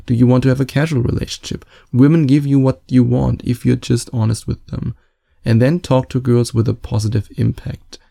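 A man with a very dark, gravelly voice hosts a solo podcast and gives dating advice. He coaches in an emphatic, repeating manner and presses every point home. The recording is dry and close. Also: medium pitch, level tone, fairly quick, no echo. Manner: emphatic, repetitive coaching delivery.

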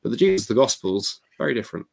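A man's voice: mid-range voice, rapid-fire, gravelly. A man, a guest author, talking casually and animatedly, acting out quoted dialogue as he tells stories. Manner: animated storyteller who acts out quoted dialogue. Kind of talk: casual conversation.

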